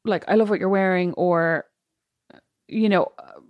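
A woman co-hosting a podcast in casual chat, animated and quick to jump up in pitch. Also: no room sound, muffled recording. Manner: animated, pitch jumps high when storytelling. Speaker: podcast co-host.

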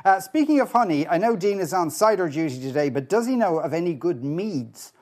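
A man's voice: high voice, sing-song, brisk, a little mellow. A man hosting a radio talk show, hesitant with many fillers and a dry wit.

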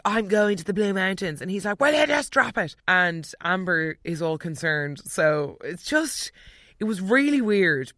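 A speaker hosting a casual TV episode recap, chatty and opinionated, acting out the characters' lines in quick asides. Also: mid-range voice, fairly bright tone, no room sound, clean studio sound. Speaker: soap opera recap host.

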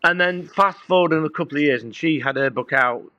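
A man's voice: fairly high pitch, fairly quick, no room sound, dull audio. A middle-aged man, a guest musician, telling rambling anecdotes in casual conversation with many fillers and restarts.

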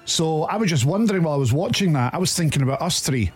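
Soft background music accompanies this Scottish football podcast co-host as he chats casually. His fairly high voice has lively intonation, and he retells stories at length in a rambling, talkative way.

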